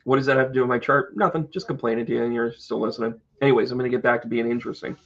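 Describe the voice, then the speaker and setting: Gravelly-voiced man chatting on a stream. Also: medium pitch, fairly even intonation, racing, fairly bright tone, dull audio. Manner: chatty and joking, talking to viewers by name. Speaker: astrologer and tarot reader hosting a live stream. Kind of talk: casual live stream chat.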